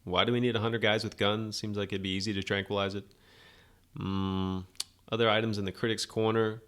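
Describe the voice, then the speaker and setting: A man's voice: on the low side, flat delivery, a little fast, a bit bright, smooth. A man hosting a podcast, giving a rambling, sarcastic, opinionated movie review in a casual monologue. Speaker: podcast host.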